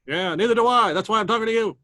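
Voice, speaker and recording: A man taking part in a tabletop game, with a voice pitched a little above average. He speaks in short, clipped sentences as his character, terse and to the point. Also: very fast, sharp tone. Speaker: player. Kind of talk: in-character tabletop role-play.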